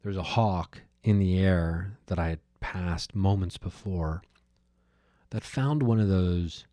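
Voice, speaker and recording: A man's voice: low-pitched, takes it slowly, dark tone, no echo. A man hosting his own podcast, telling a personal story in a reflective, musing way with many fillers and restarts. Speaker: podcast host. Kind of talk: reflective solo monologue.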